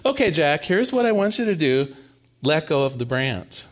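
A man voicing God in a joke, speaking slowly and soothingly in a lowered voice. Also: big pitch swings. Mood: calm. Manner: slow, soothing, deliberate. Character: calm, patient voice of God.

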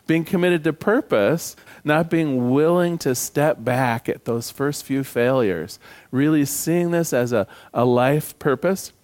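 A man's voice: mid-range voice, a little mellow. A man preaching a sermon as pastor, conversational and humorous, telling jokes to his congregation.

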